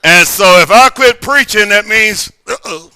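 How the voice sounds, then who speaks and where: A middle-aged man pastor preaching a sermon in a church service, emphatic and repetitive, swinging between sudden shouts and quiet asides. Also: high voice, measured pace, clean tone. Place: church sanctuary during a service.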